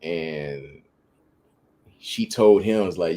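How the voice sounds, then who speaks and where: Low-voiced man telling dating stories. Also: moderate pace. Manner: relaxed storytelling with slang. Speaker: podcast co-host. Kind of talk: casual chat.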